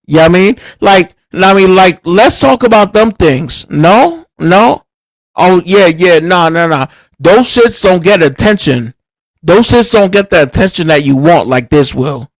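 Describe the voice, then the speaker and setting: A man airs a grievance on a livestream, swearing freely and circling back over the same points. His voice sits slightly high for a man. The sound is close and dry, with no room echo. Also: lively intonation, a little slow. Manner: angry, profane, repeats himself, many fillers. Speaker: livestream host. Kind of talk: heated livestream rant.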